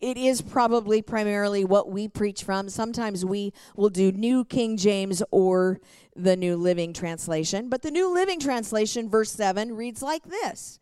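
A middle-aged woman pastor teaching a church lesson in a lively way, often laughing and reading scripture aloud. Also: mid-range voice, moderate pace, clean tone, no room sound.

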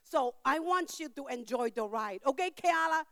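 Older woman, sermon, fairly high voice, dry close sound, dramatic storytelling, simple grammar. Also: lively intonation, moderate pace, dry recording. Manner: emphatic storytelling, with swings between loud outbursts and quiet asides; simple non-standard grammar. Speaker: preacher. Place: church.

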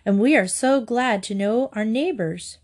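A woman's voice: on the high side, unhurried, darkish tone. A woman voicing a polite, gracious mother in a storybook reading. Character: pleased adult mother.

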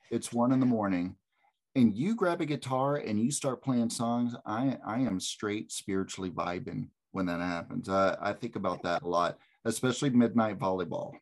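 Animated man telling a funny story. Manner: animated storyteller, jumps high when excited. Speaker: co-host. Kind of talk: casual podcast chat.

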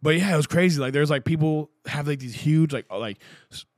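A man's voice: fairly high pitch, brisk, dry recording, clean studio sound. A man hosting a casual podcast chat, profane and rambling, with lots of "like" fillers. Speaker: podcast host.

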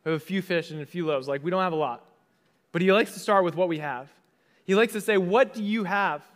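A man's voice: high voice, fairly quick. A young adult man, a pastor, giving a conversational sermon and casually acting out the voices he quotes.

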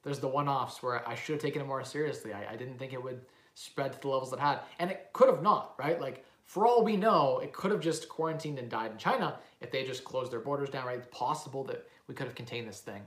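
A man's voice: medium pitch, fast talker, hardly any pauses. A young man hosting a livestream, rambling self-assuredly through questions with many fillers and restarts. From Canada. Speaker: livestream host, real estate investor. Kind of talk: casual livestream chat with live Q&A. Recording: roomy echoey room.

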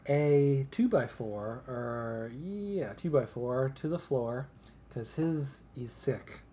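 A woman's voice: very deep voice, expressive, takes it slowly, mellow, a little hiss or hum. A woman co-hosting a podcast, chatting casually about a film, often laughing and acting out lines. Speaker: podcast co-host. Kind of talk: casual chat recapping a film.

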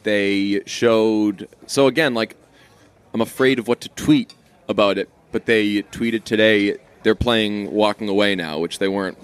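A man co-hosting a podcast, talking in loose, casual chat. He swears constantly and wanders through animated, rambling stories. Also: on the low side, measured pace, clear, resonant tone. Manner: profane, rambling, animated storyteller. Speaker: podcast co-host.

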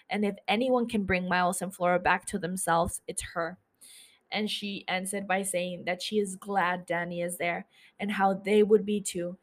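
A woman hosting a podcast, casually retelling a TV episode scene by scene, with swearing and gushing asides. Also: medium pitch. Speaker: podcast host.

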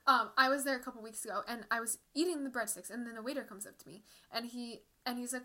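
A woman's voice: a little high, quick pace, hardly any pauses, sharp tone. A young woman co-hosting a casual podcast, telling rambling stories full of fillers and giggles. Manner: giggly, rambling storyteller with lots of "like". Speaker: podcast co-host. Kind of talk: casual chat.

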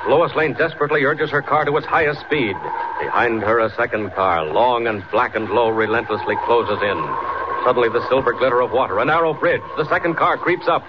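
A man's voice: medium pitch, brisk. A man narrating a 1940s radio serial in a tense, dramatic manner. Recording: dull noisy 1940s radio recording.

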